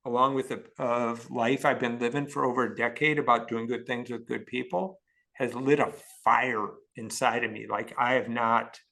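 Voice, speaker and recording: Bright-voiced man telling a personal story. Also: mid-range voice, gravelly. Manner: emotional, earnest, restarts sentences often. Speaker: podcast guest.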